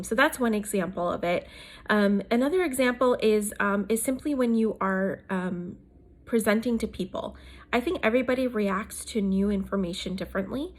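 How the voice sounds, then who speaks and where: A woman in her thirties, from South Asia, sharing her thoughts on leadership in a relaxed monologue. She speaks reflectively, often pausing on "um" and "uh" and restarting sentences. Her pitch sits in the middle range for a woman. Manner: thoughtful, many fillers and restarts. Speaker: host. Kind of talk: casual talk on leadership.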